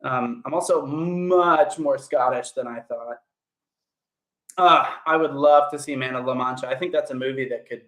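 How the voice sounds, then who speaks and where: A man's voice: on the high side, fairly bright tone. A young man, an actor, chatting casually on a livestream and greeting viewers by name in an upbeat way. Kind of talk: casual livestream chat answering viewer comments. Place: indoor home room. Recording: echoey room sound.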